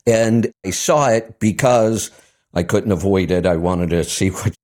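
A man's voice: sits low, unhurried, a little mellow. A man hosting a call-in radio show, chatting casually and telling stories with mimicked voices.

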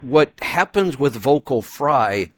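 A man hosting talk radio, voicing strong opinions in a quick, stop-start way. His voice sits at a middle pitch. The studio sound is close and dry. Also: expressive, dry recording. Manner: opinionated, fast-talking, full of restarts. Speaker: radio host. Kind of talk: casual talk radio chat.

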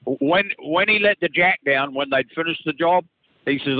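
A man's voice: on the high side, moderate pace, sharp tone, no echo, rough recording. A man calling in to a radio show, chatting and telling a long story, often repeating himself. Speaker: caller. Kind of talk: call-in conversation.

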